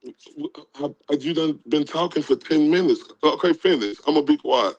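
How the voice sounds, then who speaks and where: A man from Texas hosting a livestream, mocking a caller and talking straight to his chat, swinging between loud outbursts and low asides. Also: moderate pace, dull audio. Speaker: livestream host. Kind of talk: livestream commentary on a replayed call.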